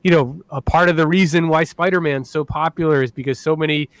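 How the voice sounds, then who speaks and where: A man's voice: on the high side, steady tone, a little fast, clean tone, no echo. A man co-hosting a casual podcast, enthusiastic and rambling with lots of fillers. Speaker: podcast co-host.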